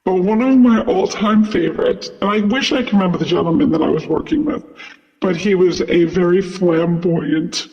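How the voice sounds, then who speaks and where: High-pitched guy telling a work story, loose chatty style, muffled reverby audio. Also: moderate pace, darkish tone. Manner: chatty, lots of "like" and "you know". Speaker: flight attendant. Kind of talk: casual storytelling. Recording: dull sound with long reverb.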